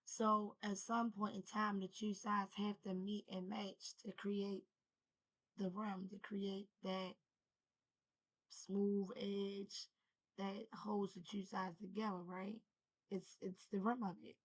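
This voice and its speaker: In a casual spiritual vlog, a woman who feels unwell talks to camera in a slow, medium-pitched voice that stays mostly level, with little rise and fall. She rambles in a loose, conversational way and calls her viewers "y'all." The audio quality is poor.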